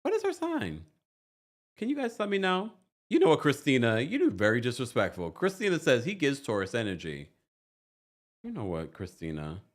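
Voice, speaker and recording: A man hosting a reality TV recap livestream, chatting casually, reading viewer comments and laughing often. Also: brisk. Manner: animated, laughs often, jumps into high squeals. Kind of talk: casual livestream chat reading super chats.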